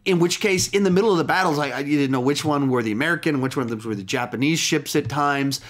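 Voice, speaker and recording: A man's voice: on the high side, fast, a bit bright. A man giving a casual, chatty film review, talking loosely with frequent restarts and asides. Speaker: movie reviewer.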